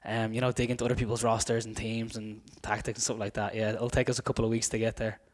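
Quick, slightly raspy man, under the weather. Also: lowish voice, little pitch movement. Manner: rambling, many restarts and fillers. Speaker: high school soccer coach. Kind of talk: podcast interview guest.

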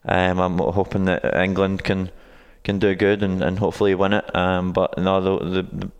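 A man's voice: sits low, flat delivery, moderate pace, smooth, big-room sound. A Scottish man in his twenties answers interview questions in a casual, hesitant way, with many ums and restarts. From Scotland. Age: 20s. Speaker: guest, college soccer coach.

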